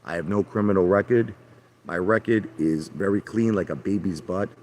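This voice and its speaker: Low-voiced male livestream host, argumentative rambler talking to chat from his hot tub. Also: normal speed, a little mellow, slight background noise. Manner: brash, argumentative, repeats himself, addresses chat by name. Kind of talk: rambling live chat with viewers.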